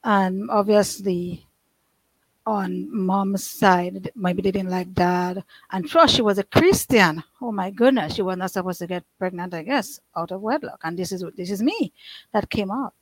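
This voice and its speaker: A woman's voice: medium pitch, a little slow, no room sound, poor audio. Earnest woman recounting a hard past. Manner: earnest, rambling, with frequent restarts and nonstandard grammar. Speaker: guest sharing her life story. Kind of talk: emotional personal testimony.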